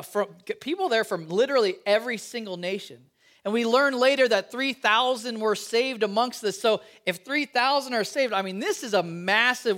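A man preaching a sermon, reading scripture and adding chatty, joking asides in an animated way. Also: high voice. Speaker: pastor.

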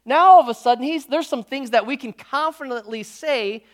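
Man preaching with lively restarts. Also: extremely high pitch, normal speed. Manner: jokey asides to the congregation. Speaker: pastor. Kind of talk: sermon.

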